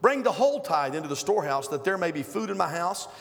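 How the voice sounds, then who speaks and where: Man preaching with a high voice in a reverberant hall. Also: very animated, quick pace, gravelly. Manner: conversational, storytelling, rising to loud emphatic preaching. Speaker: guest preacher. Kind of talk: sermon. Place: church sanctuary.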